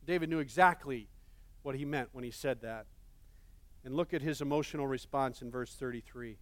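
Earnest high-voiced male pastor preaching. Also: a little fast, no echo. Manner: earnest, repeats words for emphasis. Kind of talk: sermon.

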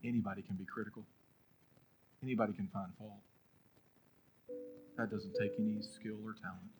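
A man preaching a sermon as pastor, telling a story, then swinging between loud urging and a hushed, prayerful hush. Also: lowish voice, steady tone, moderate pace, music in the background, rough recording.

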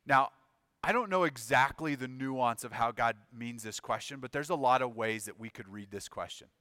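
A man's voice: mid-range voice, normal speed, bright, forceful tone, dry recording, studio quality. A male pastor preaching a sermon, acting out the voices of biblical figures with shifting intensity.

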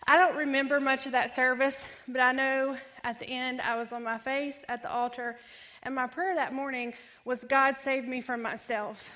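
A woman, telling her personal testimony in an animated way, acting out voices and laughing often. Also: high voice, normal speed. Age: 30s. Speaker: ministry founder giving testimony.

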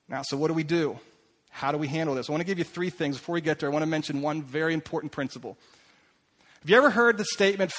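A middle-aged man preaching as a pastor, asking questions again and again, shifting between emphatic and hushed. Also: fairly high pitch, animated, fast talker. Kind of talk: sermon.

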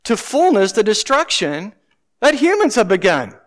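A man's voice: sits high, huge pitch swings, normal speed, a bit bright. A man preaching a sermon in a church sanctuary, conversational and often asking the congregation questions. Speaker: pastor. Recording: long reverb of a large hall.

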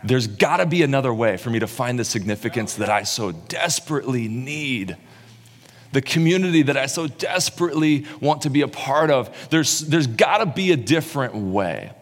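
A man's voice: mid-range voice, animated, normal speed. A male preacher voicing a despairing outcast man who pleads for acceptance. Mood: pleading. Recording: long reverb in a large hall.

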